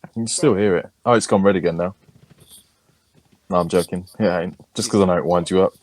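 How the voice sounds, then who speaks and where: A man's voice: deep voice, fairly quick, darkish tone, no echo. A man, co-hosting a podcast in a casual, crude, joking chat. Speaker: podcast co-host.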